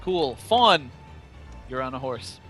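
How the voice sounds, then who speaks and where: A medium-pitched man with a slightly bright, animated voice speaks slowly as game master of a tabletop game over voice chat. He casually describes scenes and rulings with plenty of fillers, and soft music plays in the background.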